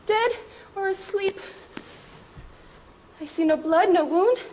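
A woman's voice: extremely high pitch, slow, a little mellow, slight background noise. A woman playing a lovelorn, self-pitying young woman in a Shakespeare reading, plaintive, with wry laughing asides.

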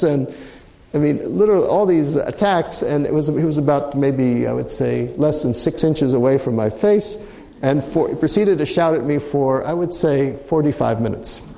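A man's voice: on the high side, expressive, moderate pace, gravelly, warm tone. A middle-aged man, a mediator, telling an anecdote in a reflective way with frequent restarts. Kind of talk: storytelling talk. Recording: roomy echo.

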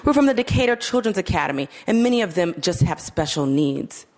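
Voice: mid-range voice, big pitch swings, a little fast, darkish tone, soft background music. A reader voicing a cheerful, syrupy woman troop leader who talks in a lilting, sing-song instructional way. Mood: soothing.

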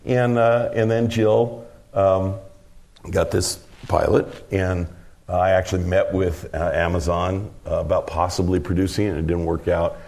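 A man with a very deep, low-pitched voice tells an anecdote in an interview. He is a middle-aged producer and director who rambles through his story, restarting sentences and leaning on fillers. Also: little pitch movement, unhurried, a little mellow.

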